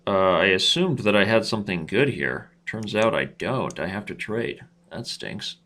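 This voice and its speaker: Brief: man, thirties, chess streamer, playful trash talk, bright forceful tone, slightly low voice. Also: expressive, moderate pace. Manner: playful trash talk, talks to himself and viewers. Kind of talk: live chess commentary.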